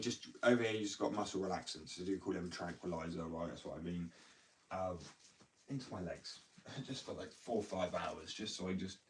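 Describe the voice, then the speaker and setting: A man's voice: low voice, recorded from a distance, slight background noise, poor audio. A man in casual, rambling live chat, joking and slangy as he talks about addiction. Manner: chatty, joking, slangy, self-interrupting. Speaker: livestreamer talking about addiction.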